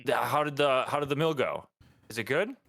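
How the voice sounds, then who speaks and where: A man's voice: mid-range voice, a little fast, fairly bright tone, pitched above the performer's own voice, lightly acted. A man voicing a friendly, chatty town guard captain in a tabletop game, asking eager, casual questions. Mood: curious.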